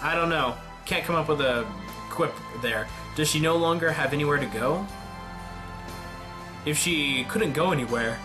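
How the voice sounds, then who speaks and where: A man reading a visual novel aloud dramatically, with deadpan joking asides. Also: fairly high pitch, moderate pace, music in the background. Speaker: let's player.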